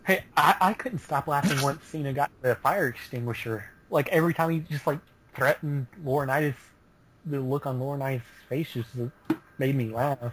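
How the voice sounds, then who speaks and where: A man's voice: medium pitch, moderate pace, a bit bright, slight background noise, rough recording. A man on a casual panel chat, laid-back, peppering his talk with "I mean".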